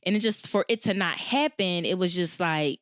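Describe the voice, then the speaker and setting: A woman's voice: lowish voice, moderate pace, fairly bright tone, no echo, studio quality. A woman in her twenties from Philadelphia hosting a podcast, telling a personal story candidly and holding back tears. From Philadelphia, USA. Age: 20s. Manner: candid, emotional, addresses listeners as y'all. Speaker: podcast host.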